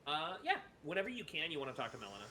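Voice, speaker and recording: A man's voice: fairly high pitch, rapid-fire, a little hiss or hum. A man giving a friend tips and directions during a co-op let's play, speaking in a casual, helpful way. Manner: explaining, relaxed and helpful. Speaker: co-op guest player. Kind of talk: casual gaming chat.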